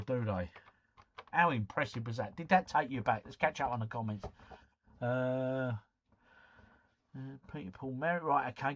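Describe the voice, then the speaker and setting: A man's voice: medium pitch, fairly bright tone, dry recording. A middle-aged man hosting a live stream, chatting matily with viewers and reading out their comments. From United Kingdom. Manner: chatty, matey, reads and answers chat comments. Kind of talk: casual live-stream chat. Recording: dull lo-fi stream mic.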